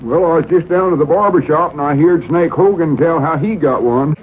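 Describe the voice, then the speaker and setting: An actor playing a simple, eager young country man, who talks haltingly and overly politely, in 1940s radio comedy. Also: on the high side, slight background noise, close to an everyday voice. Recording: tinny old radio broadcast recording.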